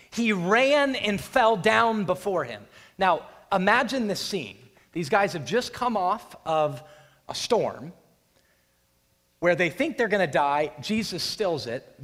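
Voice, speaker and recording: Dramatic high-voiced preacher in a hall. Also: male voice, a bit bright. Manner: dramatic, retells the scene and acts out voices. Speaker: pastor. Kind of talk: sermon. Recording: long hall reverb.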